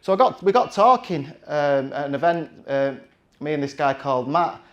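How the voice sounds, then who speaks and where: A man's voice: fairly high pitch, lively intonation, moderate pace, lo-fi sound. A man, telling a chatty, self-mocking story from the stage with plenty of restarts. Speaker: conference speaker.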